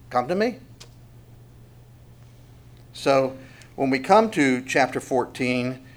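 A middle-aged man teaching a Bible passage verse by verse, talking conversationally, asking rhetorical questions and leaning hard on key words. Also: medium pitch. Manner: conversational, asks rhetorical questions, dynamic emphasis.

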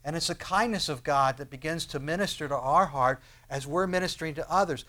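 Delivering a sermon a little fast, a male pastor shifts from quiet, low lines to loud, forceful ones. He keeps asking his congregation rhetorical questions.

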